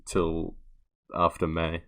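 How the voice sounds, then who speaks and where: Male podcast co-host, low-pitched, laid-back, teasing. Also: completely flat delivery, slow, a bit bright. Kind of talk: casual chat.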